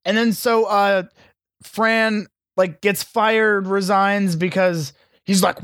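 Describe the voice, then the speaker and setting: A man's voice: high-pitched, steady tone, slow, a bit bright, smooth, no room sound, studio quality. A man co-hosting a podcast, chatting casually and profanely as he sarcastically recaps a movie. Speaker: podcast co-host.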